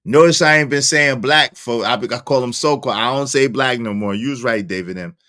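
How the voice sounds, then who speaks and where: A man hosting a live stream, giving loud, animated commentary full of slang and frequent laughter. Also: mid-range voice, fairly quick. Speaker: livestream host.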